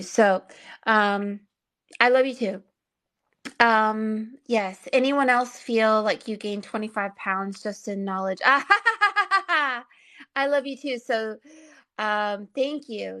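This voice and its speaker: A woman who gives spiritual readings, talking in a casual livestream chat in an affectionate, loose and chatty way. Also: mid-range voice. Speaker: psychic reader and guest.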